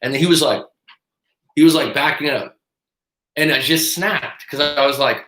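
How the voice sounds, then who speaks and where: A man's voice: a little high, moderate pace, long pauses, roomy sound. A man hosting a live stream as a coach, telling a story in a casual, profane way and acting out the lines of the people in it. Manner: profane, animated storyteller who acts out quotes.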